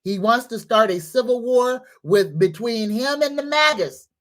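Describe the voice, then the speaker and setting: A woman's voice: on the high side, expressive. A woman hosting a psychic livestream, greeting viewers, reading comments and leading affirmations. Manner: greets viewers warmly, leads slow repeated affirmations.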